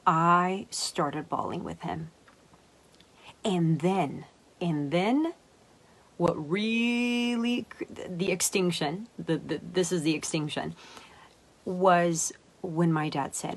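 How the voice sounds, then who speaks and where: A woman's voice: lowish voice, takes it slowly. A young adult woman, an emotional coach, telling a personal story in a confiding, emotional way that often drops to a whisper.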